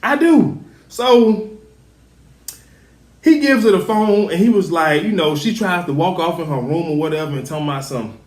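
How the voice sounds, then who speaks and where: High-voiced man giving an animated show recap. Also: normal speed. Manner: chatty, animated, acts out the characters' lines. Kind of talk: casual recap and commentary. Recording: echoey room.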